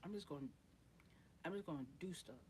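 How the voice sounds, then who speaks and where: A woman with a fairly low voice talks loosely to her livestream viewers, rambling and slangy. She drifts between topics and calls out to people in the chat. A faint hum of noise sits behind her. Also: fairly quick. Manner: rambling, chatty, greets viewers by name, slangy. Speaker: livestream host.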